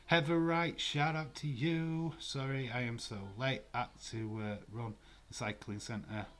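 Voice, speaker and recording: A man's voice: medium pitch, flat delivery, measured pace, fairly bright tone, a little hiss or hum. A man hosting a casual live watch-along stream, chatting loosely, swearing and laughing as he answers viewer comments.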